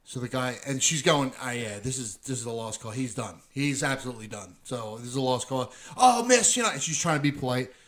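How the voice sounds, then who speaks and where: A man's voice: mid-range voice, brisk, few pauses, fairly bright tone. A middle-aged man telling heated, profane stories in a casual chat, acting out the people in them. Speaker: podcast co-host.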